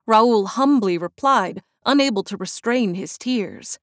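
A woman's voice: medium pitch, animated, measured pace, few pauses, no echo, studio quality. Woman reading a classic novel aloud. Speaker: audiobook narrator. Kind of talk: scripted narration.

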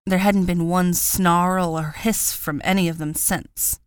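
A woman's voice: fairly low pitch, steady tone, takes it slowly, smooth, no room sound. A woman reading a first-person audiobook narration with a wry, understated delivery, close to the mic.

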